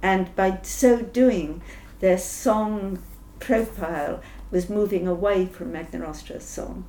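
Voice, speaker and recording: Older woman, mellow voice in a roomy space. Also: medium pitch. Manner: thoughtful, pauses with frequent ums and restarts. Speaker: scientist interviewee. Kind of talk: interview answers. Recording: roomy echo, faint background noise.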